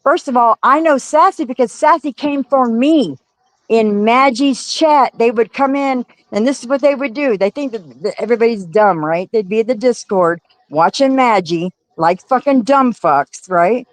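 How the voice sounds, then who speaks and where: A woman's voice: on the high side, normal speed, dry recording, low-quality recording. Profane, confrontational woman streamer ranting. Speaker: livestream host. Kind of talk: heated livestream rant to chat.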